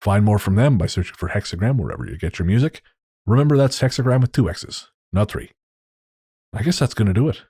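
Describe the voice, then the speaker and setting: A man hosting a podcast, talking in a relaxed, easygoing way and reading out plugs and credits. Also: lowish voice, fast talker, breathy edge, no room sound, clean studio sound. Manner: relaxed, laughs easily. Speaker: podcast host. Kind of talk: casual podcast outro and banter.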